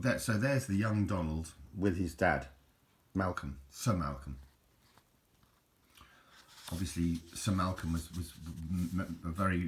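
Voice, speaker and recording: A man's voice: low-pitched, slight background noise. An Englishman, chatting casually over photos in a rambling, hesitant way with frequent restarts. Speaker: video host.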